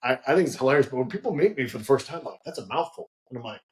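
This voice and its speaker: A man, a distillery guest, telling a long, animated and profane anecdote in casual conversation. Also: medium pitch, very fast, poor audio. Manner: animated, profane, frequent restarts. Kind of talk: casual storytelling.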